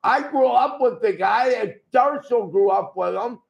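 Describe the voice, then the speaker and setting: A man's voice: very high voice, measured pace, gravelly, dull audio. An older man, a former wrestler, telling blunt, profane stories in a rambling way during an interview. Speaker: guest wrestler. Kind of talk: shoot interview storytelling.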